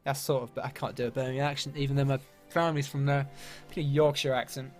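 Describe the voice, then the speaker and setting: A man's voice: medium pitch, level tone, very fast, darkish tone, soft background music. A man giving chatty, upbeat let's-play commentary with British slang and mild swearing. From London, England. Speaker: gaming YouTuber.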